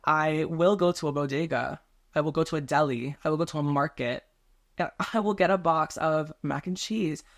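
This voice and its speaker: A young man from Tennessee chatting alone in his bedroom, rambling quickly and stumbling over his words. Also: fairly high pitch, creaky. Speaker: podcast host. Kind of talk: solo casual chat to camera.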